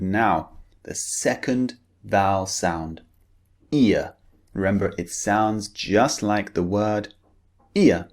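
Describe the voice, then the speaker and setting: Slow, low-voiced pronunciation teacher. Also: male voice, a little mellow. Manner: careful, drawn-out enunciation of model words. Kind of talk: slow, deliberate pronunciation lesson.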